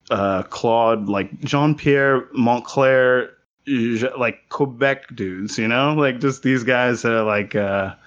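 A man's voice: medium pitch, a bit bright. A man hosting a podcast in casual chat, rambling with many fillers and giggling. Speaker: podcast host. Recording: lo-fi podcast audio.

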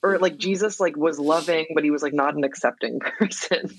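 A woman's voice: low voice, brisk, breathy edge, poor audio. A woman songwriter as a podcast guest, talking in a reflective, candid way and using lots of "like" fillers. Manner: reflective, filler-heavy, frequent laughs. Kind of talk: candid interview conversation.

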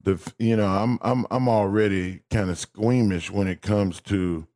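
Low-voiced wry radio co-host man. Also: fairly even intonation, normal speed, darkish tone. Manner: wry, storytelling, playful. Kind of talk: casual sports radio chat.

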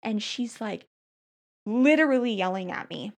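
Chatty woman telling a hospital story. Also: a little high. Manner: animated storytelling, frequent fillers and restarts, quick laughs. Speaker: storyteller recounting a hospital stay. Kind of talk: casual chat.

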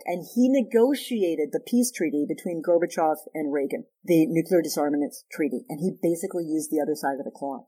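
Husky-voiced woman therapist, lively storyteller. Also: low-pitched. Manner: animated storyteller, acts out quoted dialogue. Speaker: guest sex therapist and psychologist. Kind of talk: conversational podcast interview.

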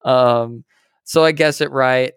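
A young man with a medium-pitched voice tells a story on a podcast in a loose, animated way. He acts out the people in it and swears casually. The recording is dry and close. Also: slow pace, clean tone, dry recording. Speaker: podcast co-host.

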